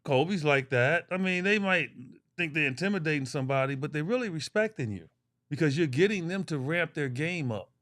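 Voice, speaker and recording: A man in his sixties from Chicago, a former pro basketball player, co-hosting a casual podcast and telling animated stories full of slang and trash talk. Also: a little high, a little fast, no room sound, studio quality.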